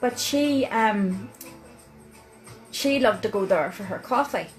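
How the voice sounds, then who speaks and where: A woman with a Northern Irish accent, telling a chatty personal story to camera as a vlogger, with many pauses and fillers. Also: medium pitch, expressive, soft background music, low-quality recording. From Northern Ireland.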